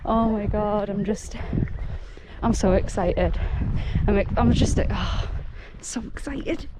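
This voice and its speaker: Excitable woman, slow chatty talk. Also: mid-range voice, very noisy. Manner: excitable, chatty, laughs often, lots of fillers. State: out of breath. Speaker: solo hiker vlogger. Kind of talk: casual chat to camera. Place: outdoors on a hiking trail.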